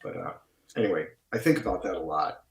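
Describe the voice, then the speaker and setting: A man with a Wisconsin accent talking reflectively and at length in a casual conversation, with drawn-out vowels. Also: low voice, animated. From Wisconsin, USA. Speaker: guest artist. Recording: roomy echo.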